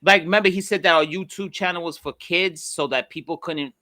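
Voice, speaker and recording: A man co-hosting a podcast, talking sports in a casual, animated way and laughing easily. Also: a little high, fairly quick, dry recording, clean studio sound. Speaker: podcast co-host.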